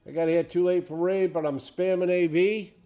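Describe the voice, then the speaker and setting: Slightly high-voiced man chatting on stream. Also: steady tone, moderate pace, warm tone, smooth, soft background music. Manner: chatty, reacting to chat and teammates. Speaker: game streamer. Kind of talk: casual live-stream chat while gaming.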